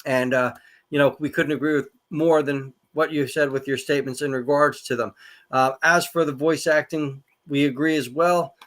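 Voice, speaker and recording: Man, co-host, casual chat, friendly, fairly high voice. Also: fairly even intonation, normal speed, a bit bright. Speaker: podcast co-host.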